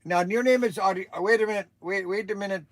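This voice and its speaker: A man chats his way through a casual livestream, rambling and often restarting his sentences. His voice sits a little on the high side for a man. The sound is dry, with no room echo. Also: fast talker, a bit bright. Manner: chatty and rambling, with many restarts. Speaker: livestream host.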